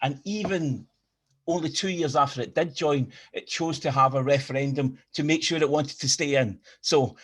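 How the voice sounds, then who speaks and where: A man's voice: on the high side, moderate pace, husky. Glaswegian man giving a lecture. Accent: Glaswegian Scottish. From Scotland. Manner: repeats words and restarts often while explaining. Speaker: guest lecturer. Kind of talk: academic lecture.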